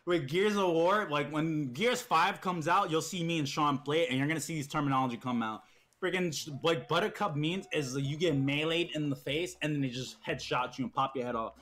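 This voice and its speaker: A man's voice: a little high, a little fast, fairly bright tone. A young man streaming, casually telling stories about friends, swearing and laughing, acting out what they said. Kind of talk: casual storytelling chat.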